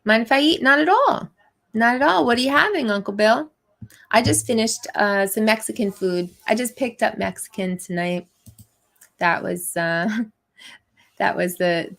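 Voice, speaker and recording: Woman host, unhurried gravelly voice, chatty with frequent laughs, live-stream banter. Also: medium pitch, a bit bright. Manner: chatty, laughs often, many fillers. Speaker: livestream host. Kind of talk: casual live chat reading viewer comments.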